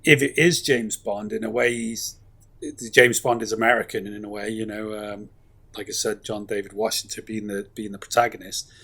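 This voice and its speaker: Husky, rambling man. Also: fairly low pitch, normal speed, pushed and bright. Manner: rambling, enthusiastic, many fillers and asides. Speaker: podcast co-host. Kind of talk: casual film review chat.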